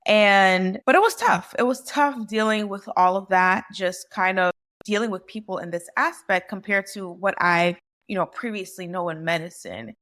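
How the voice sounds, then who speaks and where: A woman in her thirties, a physician guest, talking through a personal story in an animated, conversational way with frequent "like" and "right?". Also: medium pitch, normal speed. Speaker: physician and real estate investor guest. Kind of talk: casual podcast storytelling.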